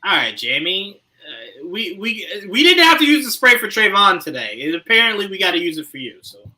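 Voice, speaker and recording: A man hosting a casual podcast chat, animated and laughing often, dropping to low asides and jumping to loud outbursts. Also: fairly quick, poor audio. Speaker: podcast host.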